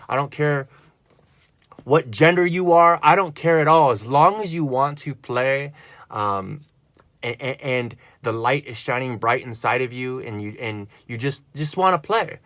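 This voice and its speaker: A man's voice: mid-range voice, moderate pace, fairly bright tone, dry recording. A man talking in a rambling personal monologue, earnest and full of fillers and restarts. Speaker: vlogger.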